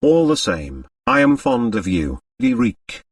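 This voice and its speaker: A man's voice: medium pitch, big pitch swings, measured pace, husky, no echo, recorded from a distance. A man voicing a fickle woman dancer, evasive and coaxing, recorded dry from off the mic. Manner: evasive, coaxing, with French words.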